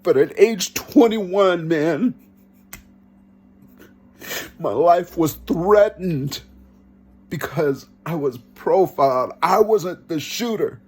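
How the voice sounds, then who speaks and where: A man giving an earnest first-person testimony, telling it slowly and reenacting his own pleas. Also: a little high, animated, a little mellow, slightly rough, soft background music. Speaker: vlogger.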